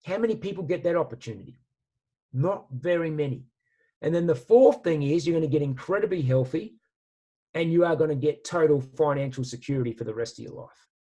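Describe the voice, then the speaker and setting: A man speaks with lively, slangy enthusiasm, pitched a little high for a man. He sounds like a motivational speaker telling stories over a video call. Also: a little fast. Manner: animated, storytelling with slang. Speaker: guest speaker. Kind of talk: motivational talk.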